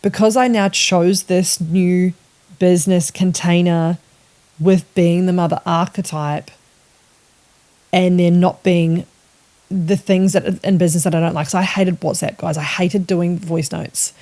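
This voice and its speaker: A woman in her thirties, a business coach and mother, talking in a casual, animated and sweary podcast monologue, repeating words for emphasis. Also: on the low side, a little slow.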